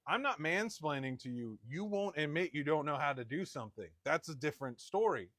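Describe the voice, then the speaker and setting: A middle-aged man preaching a sermon in a conversational storytelling manner, with quick asides. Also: a little high, animated, fairly bright tone, dry recording, studio quality. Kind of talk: sermon with personal anecdote.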